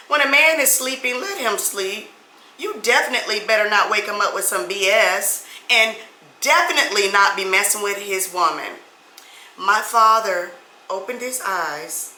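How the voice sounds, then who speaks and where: A woman's voice: medium pitch, sharp tone, slight background noise. A middle-aged woman hosting a podcast, telling a personal story to her listeners in a chatty way, calling them guys and y'all. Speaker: podcast host. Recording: echoey room with faint ambience.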